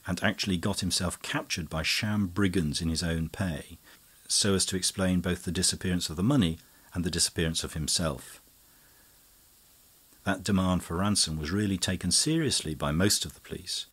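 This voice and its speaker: A man's voice: low-pitched, husky. A man voicing a brusque, talkative police officer in a storybook reading. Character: middle-aged male police officer, brusque and voluble.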